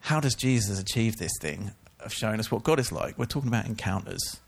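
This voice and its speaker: A man's voice: lowish voice, lively intonation, a little fast, gravelly, slight background noise. A man giving a casual, chatty Bible teaching talk, full of informal asides. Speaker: church teacher.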